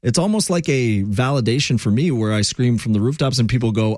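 A man's voice: medium pitch, big pitch swings, fairly quick, creaky, darkish tone, no echo, studio quality. A male radio host talking politics in an emphatic, rambling, opinionated way.

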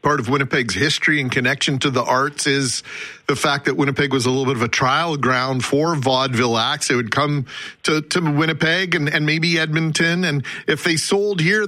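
Chatty radio co-host, slightly high voice. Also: male voice, bright, forceful tone, no echo. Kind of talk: live radio interview.

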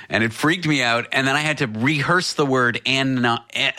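A man's voice: mid-range voice, fairly quick, few pauses, sharp tone, dry recording, studio quality. A man hosting a radio show, chatting about tech in a wry, digressive way. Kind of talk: casual tech talk.

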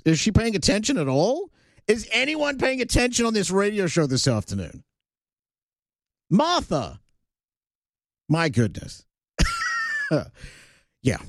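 A man's voice: medium pitch, no room sound, studio quality. A Canadian man hosting a talk radio show, blunt and sarcastic, ranting between filler words. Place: radio studio. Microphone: studio microphone.

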